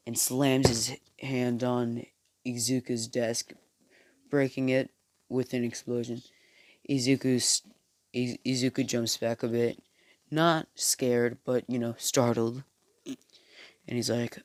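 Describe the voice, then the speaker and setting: Male storyteller, casual and rambling, slow pace, dry close sound. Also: medium pitch, little pitch movement, no room sound. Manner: rambling with many fillers and self-corrections.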